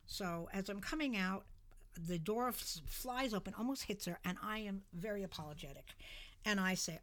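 A middle-aged woman telling a story in a casual podcast chat, animated and dramatic. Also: mid-range voice, normal speed.

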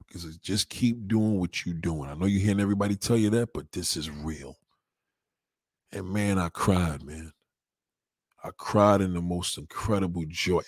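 Husky-voiced man talking on a livestream. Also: deep voice, no room sound, studio quality. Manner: rambling, emphatic and profane, swings between loud and quiet. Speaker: livestreamer taking donations. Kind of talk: casual livestream talk.

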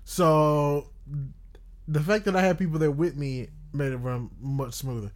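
A man co-hosting a casual podcast chat, relaxed and slangy. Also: fairly high pitch, unhurried.

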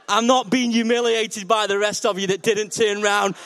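A male pastor preaches with a high voice for a man. He is playful and energetic and keeps talking directly to his congregation. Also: moderate pace. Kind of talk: sermon.

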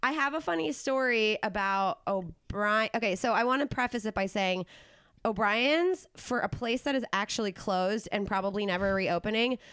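A woman's voice: medium pitch, moderate pace, a bit bright, clean tone, no echo, studio quality. A young adult woman hosting a podcast, chatting casually and self-deprecatingly, swearing freely. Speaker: podcast host.

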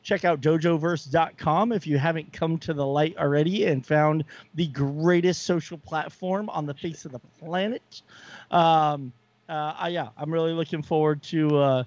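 A man's voice: a little high, fairly even intonation, normal speed, darkish tone, no room sound, dull audio. A man co-hosting a podcast in casual chat, enthusiastic and rambling with lots of fillers. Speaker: podcast co-host.

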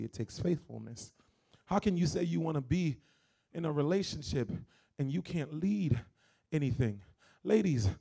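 High-voiced young Haitian man preaching. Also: vocal fry, a little mellow. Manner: repetitive, emphatic preaching. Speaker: guest pastor. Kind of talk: sermon. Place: church.

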